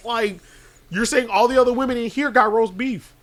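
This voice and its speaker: Man, podcast co-host: high, bright voice, profane, animated storyteller who acts out the quotes. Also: normal speed.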